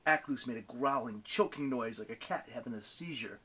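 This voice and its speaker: A man reading a novel aloud as an audiobook narrator, with animated, expressive delivery. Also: medium pitch, brisk, husky.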